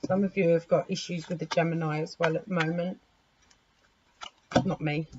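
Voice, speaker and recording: A woman with a sore, hoarse throat gives a casual tarot reading, chatty and swearing lightly as she talks to her cards. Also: low voice, level tone, moderate pace, darkish tone. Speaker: tarot reader. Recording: muffled recording with clear background noise.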